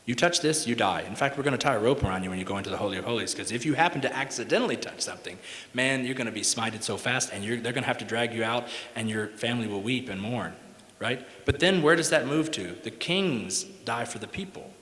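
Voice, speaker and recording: A man's voice: medium pitch, fast, a bit bright. Guy giving a music-teaching talk, folksy, keeps saying right?, big echoey hall. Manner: folksy, emphatic, peppers points with "right?". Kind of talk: conference lecture with sung examples. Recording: echoey hall with long reverb.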